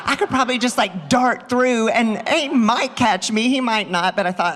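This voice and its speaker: A middle-aged woman minister telling a personal story in a sermon, animated and acting out the voices she quotes. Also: fairly high pitch, moderate pace, hardly any pauses. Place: church sanctuary. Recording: long reverb of a large hall.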